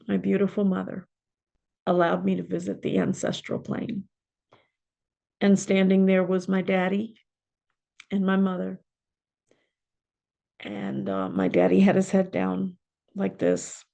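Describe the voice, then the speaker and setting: A middle-aged woman, a podcast guest and spiritual mentor, telling a personal story in an emotional, halting way. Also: medium pitch, vocal fry, mellow, muffled recording. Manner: emotional, halting, with pauses and fillers.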